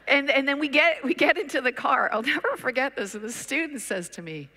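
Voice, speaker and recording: A woman's voice: sits high, lively intonation, moderate pace, bright, forceful tone. A woman preacher telling a story in a conference sermon, acting out the people she talks about. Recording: long reverb of a big hall.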